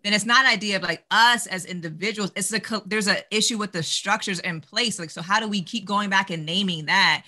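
A woman's voice: medium pitch, fairly quick, hardly any pauses, bright, forceful tone. A woman speaking on a panel, talking candidly and emphatically in a conversational way, often saying "like.".

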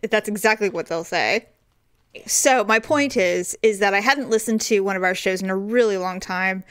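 A woman's voice: mid-range voice, moderate pace, fairly bright tone, clear, resonant tone. A woman co-hosting a podcast in casual chat, candid and self-deprecating, often giggling. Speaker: podcast co-host.

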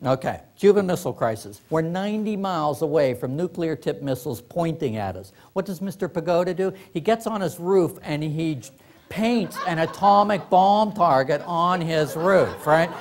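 A middle-aged man tells comic stories to a library audience, his voice set a bit high for a man. He laughs often and slips into quick acted voices for the people he quotes. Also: expressive. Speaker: author giving a workshop talk. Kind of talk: comic storytelling to a live audience. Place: library meeting room.

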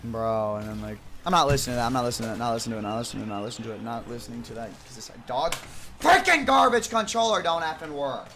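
A young man streaming a game, frustrated and ranting, with lots of swearing, dropping from low mutters to loud yells. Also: racing, few pauses, slight background noise.

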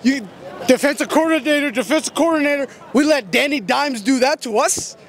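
A man's voice: very high-pitched, brisk, some chatter behind. A man, a fan stopped on the street after a game, blunt and angry and swearing heavily. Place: city street outside a stadium.

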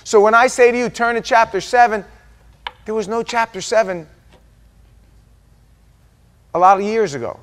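An American man preaching a sermon as pastor, animated, quoting voices and dropping suddenly to quiet asides. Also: sits high, normal speed, pauses often.

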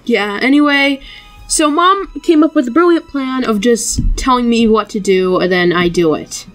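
Woman, casual gameplay chat, high-pitched, giggly, reads text aloud. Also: normal speed, soft background music. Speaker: let's play host.

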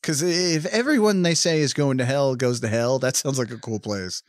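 A man's voice: mid-range voice, moderate pace, no room sound, clean studio sound. A man co-hosting a podcast in casual chat, talking loosely, swearing a lot and laughing often. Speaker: podcast co-host.

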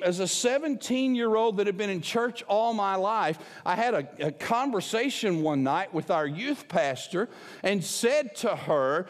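Animated preacher with a lively high voice. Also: male voice, normal speed, in a large hall. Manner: storytelling preacher, emphatic and conversational. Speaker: pastor. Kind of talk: sermon. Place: church sanctuary.

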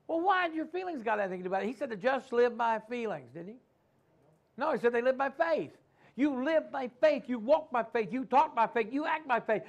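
A man's voice: extremely high pitch, fairly bright tone. A man preaching a sermon in a church, calling out to his congregation and acting out the inner voices of doubt. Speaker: pastor.

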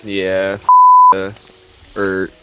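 A man's voice: deep voice, completely flat delivery, extremely slow, over loud music. A young man co-hosting a casual video game playthrough, joking, laughing often and coughing now and then. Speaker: co-host playing a video game. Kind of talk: casual gaming chat.

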